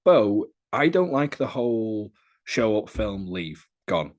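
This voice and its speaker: A young man talking casually as a podcast guest, telling stories in a lively, chatty way. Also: fairly low pitch, slow pace. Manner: lively, chatty storyteller, often laughing. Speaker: interviewee.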